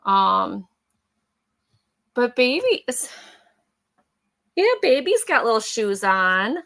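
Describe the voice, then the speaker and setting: A woman's voice: on the high side, big pitch swings, slow pace, creaky, fairly bright tone. A middle-aged woman hosting a live vintage photo sale, chatting casually as she describes each item. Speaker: host selling vintage photos.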